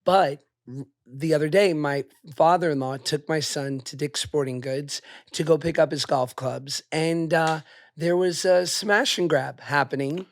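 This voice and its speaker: Guy in his 30s w a scratchy kinda higher voice, joking around on a podcast. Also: measured pace. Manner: joking, playful asides. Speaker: podcast co-host. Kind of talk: casual chat.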